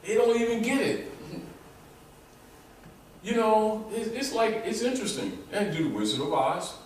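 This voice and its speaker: A man's voice: high-pitched, normal speed. Man lecturing in an echoey room. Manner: animated, rambling, often laughs and restarts. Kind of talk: informal lecture to a small group. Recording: echoey room, mic far off, faint noise.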